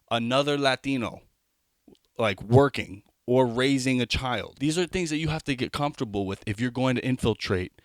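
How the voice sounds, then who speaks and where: A man's voice: medium pitch, no echo, studio quality. A young adult man doing a stand-up comedy set, talking conversationally with rambling asides and frequent restarts.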